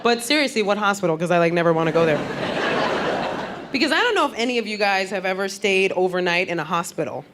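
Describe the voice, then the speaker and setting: An animated woman comedian performs a stand-up set, talking fast and acting out quoted voices with big jumps in pitch. Slight background noise is audible.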